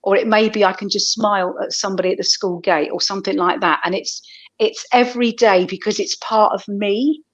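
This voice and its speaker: A woman's voice: mid-range voice, steady tone, a little fast, highs cut off. A woman comedian, talking earnestly and reflectively in a casual interview, often restarting her sentences. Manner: earnest, faith-minded, with frequent restarts. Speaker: comedian guest.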